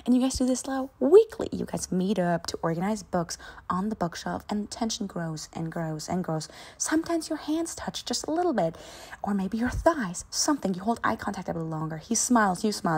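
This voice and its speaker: A woman's voice: mid-range voice, lively intonation, a little fast, a little mellow, slightly rough. A young woman telling a playful made-up romance scenario to the viewer.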